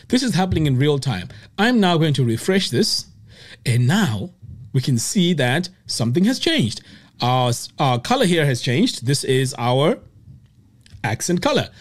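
Male tutor, slightly higher voice with lots of pitch movement, patient step-by-step software walkthrough. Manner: step-by-step explaining, frequent "okay?" checks. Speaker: web design tutor. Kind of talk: screen-recorded software tutorial.

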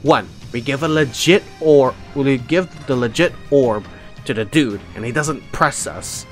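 A young man giving excitable gameplay commentary, laughing, shouting and trash talking enemies over game music. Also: mid-range voice, unhurried. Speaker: gameplay streamer.

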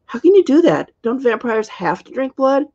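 A woman voicing a kind, motherly queen who is a witch, calm and reassuring, in a dull lo-fi recording. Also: high voice, normal speed, dry recording, pitched above the performer's own voice, heavily acted. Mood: curious.

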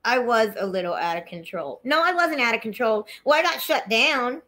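A woman runs a casual livestream, chatting loosely and swearing freely between shout-outs to her viewers. Her voice sits a little on the high side. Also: animated, normal speed. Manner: chatty, profane, greets viewers by name. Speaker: livestream host.

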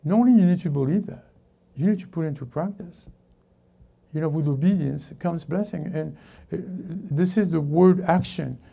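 A man preaching a sermon as pastor to a congregation in church, halting and often correcting himself mid-sentence. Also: on the high side, gravelly, dark tone, breathy edge. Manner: halting, self-correcting preaching with many restarts. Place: church service before a congregation.

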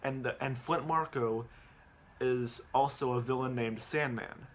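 A man's voice: medium pitch, a little slow. A man casually recapping a movie at home, stumbling over his words with lots of ums and repeats.

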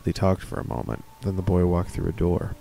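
A man's voice: sits low, lively intonation, a little fast, creaky, mellow, slight background noise. A man reading a horror story aloud, with casual, chatty asides. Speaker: reader of stories.

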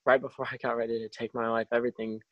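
A young man sharing a personal faith testimony over a video call, halting, with many restarts and fillers. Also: medium pitch, level tone, no room sound, highs cut off. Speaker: testimony speaker.

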